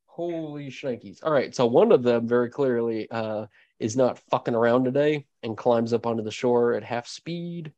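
A man's voice: mid-range voice, moderate pace, warm tone, dry recording. A man narrating as game master of a tabletop game, casual and rambling with fillers. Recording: dull dry lo-fi mic.

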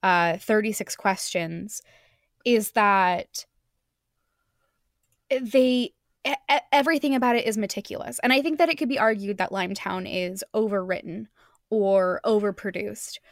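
A woman's voice: mid-range voice, unhurried, no echo, clean studio sound. A woman hosting a casual podcast chat, enthusiastic, often restarting her sentences. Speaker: podcast host.

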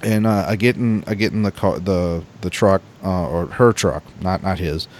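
A man's voice: deep voice, fairly even intonation, normal speed, darkish tone, slight background noise. A man co-hosting a podcast, telling a long personal story in a casual, rambling and profane way, full of restarts. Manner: rambling, profane, with many restarts and acted-out quotes.

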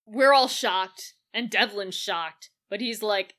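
A woman's voice: mid-range voice, takes it slowly. A woman co-hosting a casual film review podcast, acting out the scenes she retells. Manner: animated, acts out scenes in voices. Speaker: podcast co-host.

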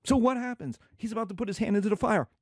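Animated man lecturing as a professor. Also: high voice, racing, no room sound, clean studio sound. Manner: animated, acts out little scenes, asks and answers his own questions. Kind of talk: lecture to students.

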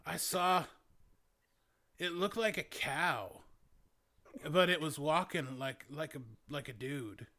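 A man's voice: on the high side, pushed and bright, heavily acted. A man voicing a laid-back young male druid hermit who rambles and hesitates, full of "like" and "man". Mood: rambling. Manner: rambling, halting, lots of "like" and "man". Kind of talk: in-character tabletop role-play.

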